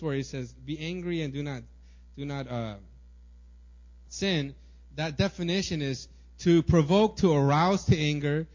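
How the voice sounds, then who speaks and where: A man's voice: mid-range voice, a little mellow, muffled recording. A young man preaching a sermon in a church, casual and conversational, peppering his points with "like" and "right?". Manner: casual, filler-heavy preaching with many "right?" and "like". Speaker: pastor.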